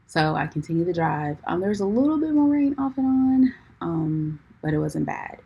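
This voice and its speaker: A woman's voice: lowish voice, sing-song, normal speed, vocal fry, mellow, husky, dull audio. A young adult woman hosting a podcast, telling a story in a chatty way, full of "like" and calling listeners "y'all", laughing as she goes. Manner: laughs through her own story. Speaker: podcast host. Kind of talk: casual storytelling chat.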